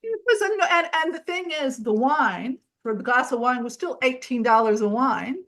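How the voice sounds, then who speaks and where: A woman's voice: high voice, expressive, normal speed, fairly bright tone. A woman co-hosting a podcast, telling stories in casual chat and acting out the voices of people she quotes. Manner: chatty storytelling, acts out quoted voices. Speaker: podcast co-host.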